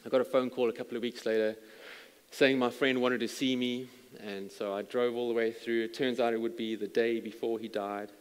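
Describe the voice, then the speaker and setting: A man's voice: medium pitch, flat delivery, a little fast, clean tone. A man preaching a sermon as a pastor, telling a story earnestly and stumbling over repeated words. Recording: long reverb from a large hall.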